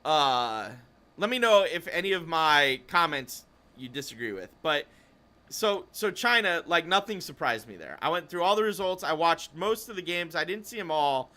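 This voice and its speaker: Male podcast host, fairly high bright voice, rambling chatty delivery, casual talk. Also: expressive, normal speed. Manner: rambling, self-interrupting, chatty. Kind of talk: casual esports podcast chat.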